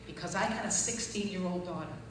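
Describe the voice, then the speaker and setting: A woman preacher giving her testimony in a somewhat low voice, acting out the people in her story and building to loud, fervent peaks. She is heard from a distance in a very echoey hall with clear background noise. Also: brisk. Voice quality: distinctive voice. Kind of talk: testimony sermon.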